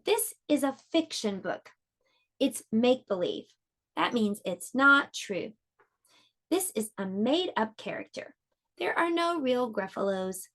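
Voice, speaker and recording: A woman teaching an online preschool lesson, speaking slowly and encouragingly to small children. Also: a little high. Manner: slow, encouraging, clearly explaining to small children.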